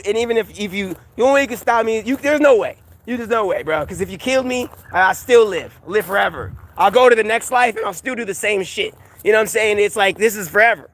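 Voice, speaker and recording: A man ranting casually in a vlog, animated and profane, laughing often and repeating himself. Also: high voice. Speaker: vlogger. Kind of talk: casual rant to camera.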